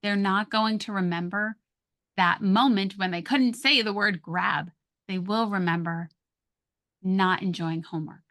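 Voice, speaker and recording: On a casual, unscripted podcast, a parenting communication coach appears as a guest, her mid-range voice steady and unhurried. She coaches calmly, demonstrating soft and sharp ways of speaking so listeners can hear the contrast.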